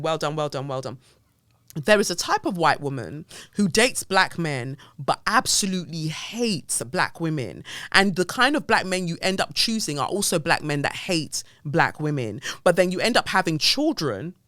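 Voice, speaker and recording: A woman from London hosting a podcast, talking in a casual, animated, sarcastic way, with mocking voices for her asides. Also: sits low, dry recording, clean studio sound. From England. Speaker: podcast host. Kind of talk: casual commentary.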